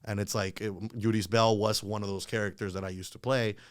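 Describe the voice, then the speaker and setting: A man's voice: fairly low pitch, level tone, a little fast, clear, resonant tone, dry recording. A man telling a story casually as a podcast guest, rambling with lots of filler words.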